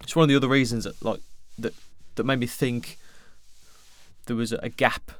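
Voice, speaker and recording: A man's voice: medium pitch, steady tone, moderate pace, dry recording. Candid, rambling man podcasting solo. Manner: candid, rambling, swears casually. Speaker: podcast host.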